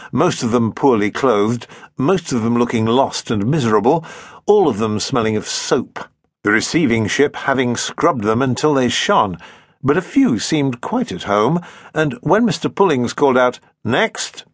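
A man narrating a historical novel in an expressive, husky voice. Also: medium pitch, normal speed, dry recording. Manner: expressive, varied reading. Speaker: audiobook narrator. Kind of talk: scripted narration.

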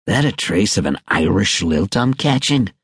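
A man reading an audiobook voices a crude, profane film producer who talks gruffly and full of himself. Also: lowish voice, very animated, moderate pace, no room sound, studio quality, full character voice. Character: crude, sleazy middle-aged male film producer.

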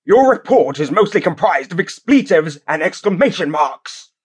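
A man's voice: lowish voice, measured pace, breathy edge, dry recording. A man voicing a stern, easily enraged male judge who barks and growls in an audiobook. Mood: snarling. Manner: barking, growling. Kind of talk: audiobook character voice.

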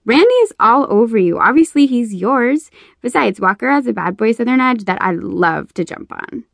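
A woman's voice: fairly high pitch, expressive, normal speed, creaky, no echo, voice pushed up. Woman putting on a gushing college girl. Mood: excited. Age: young adult. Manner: gushing, eager.

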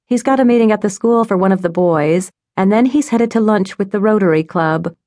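A woman's voice: mid-range voice, brisk, darkish tone, no echo, clean studio sound, pitched above the performer's own voice, natural voice. A woman voicing a kind adult woman who manages a jewelry store, frank and caring, in an audiobook.

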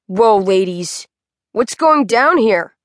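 A woman's voice: medium pitch, lively intonation, slow, dry recording. Woman narrator voicing a young surfer dude, SoCal accent, easygoing drawl, mid-range voice, close and dry. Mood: baffled. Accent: Southern Californian surfer. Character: young man, laid-back surfer.

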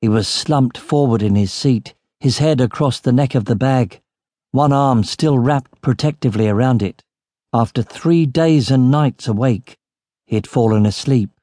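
A man narrating an adventure audiobook in a steady, vivid storytelling manner. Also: mid-range voice, measured pace, no echo, clean studio sound. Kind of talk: scripted narration.

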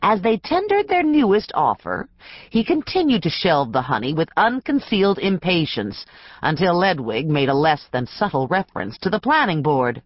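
Audiobook narrator: woman, low-ish voice, slow and expressive, dull dry studio sound. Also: no echo. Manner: measured, expressive storytelling.

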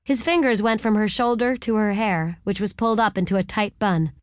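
A woman narrating a romance novel in a wry, even storytelling manner on a close studio mic. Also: mid-range voice, brisk, no echo. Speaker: audiobook narrator. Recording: dry close audiobook studio.

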